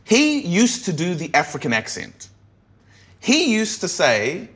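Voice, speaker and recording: A man's voice: high-pitched, wildly swooping pitch, measured pace, fairly bright tone. Man musing with restarts and tag questions. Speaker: comedian guest. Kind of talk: candid interview talk.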